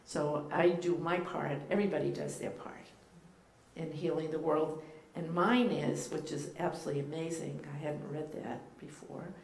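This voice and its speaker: Low-voiced woman with a Boston accent. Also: fairly even intonation, normal speed, vocal fry, a little mellow. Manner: playful, teacherly, with frequent ums and uhs. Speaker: guest rabbi speaker. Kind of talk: informal sermon to a congregation. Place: church sanctuary. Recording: echoey room, faint background noise.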